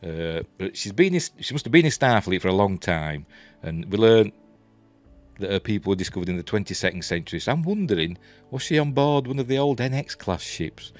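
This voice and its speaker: A man's voice: fairly low pitch, animated, brisk, darkish tone, no echo, soft background music. A man with a Yorkshire accent reviewing a TV episode in a casual, rambling way, full of fillers and restarts. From Yorkshire, England.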